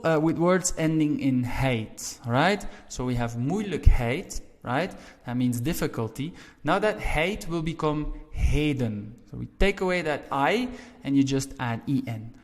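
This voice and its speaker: A man teaching a language lesson on video, explaining rules step by step, checking in with the viewer, and punching key words with sudden emphasis. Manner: stresses key words with sudden lifts in pitch and volume. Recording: long reverberant room echo.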